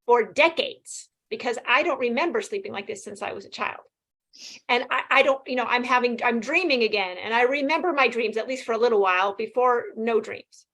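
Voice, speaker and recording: A woman in her fifties talks fast and with lively energy as an interview guest. Her voice sits a little high, and she laughs easily between thoughts. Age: 50s. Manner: fast-talking, animated, laughs often. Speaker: guest sharing her experience. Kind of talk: casual interview testimonial.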